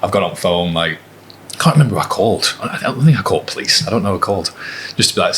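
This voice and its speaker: Man, personal trainer, podcast co-host, low voice, faint hum, animated anecdotes. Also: fast. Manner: animated storyteller, acts out dialogue. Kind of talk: casual chat.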